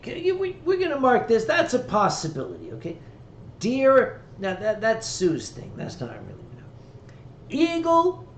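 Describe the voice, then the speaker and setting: A man from Pennsylvania hosting a stream, telling a rambling, profane story in casual chat. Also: high-pitched. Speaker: streamer host. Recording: echoey room with faint noise.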